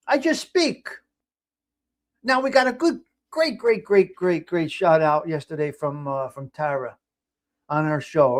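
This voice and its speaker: A man hosting a casual live stream, talking in a blunt, rambling way with frequent restarts. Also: high-pitched. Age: 50s. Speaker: host.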